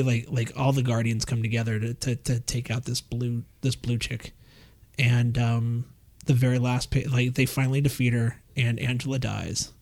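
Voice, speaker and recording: A man casually recapping a comic book story, rambling with many fillers and restarts and acting out the characters' quotes. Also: medium pitch.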